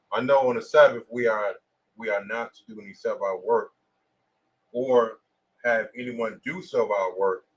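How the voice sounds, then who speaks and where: Low husky man reading questions off-mic. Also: rough recording. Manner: reads questions aloud haltingly with fillers. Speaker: reader of online questions.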